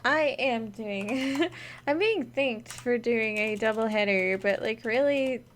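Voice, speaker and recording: Between matches of a live gaming tournament, a woman caster chats with her viewers and thanks them on her solo stream. She takes it slowly in a fairly high voice, and a little hiss or hum sits under the audio.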